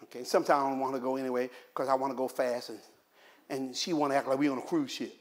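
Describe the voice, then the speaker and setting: A man's voice: medium pitch, fast talker, a little hiss or hum. A male pastor preaching a sermon, mixing humorous personal stories with repeated, emphatic points. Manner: animated storytelling, humorous asides, repetitive emphasis.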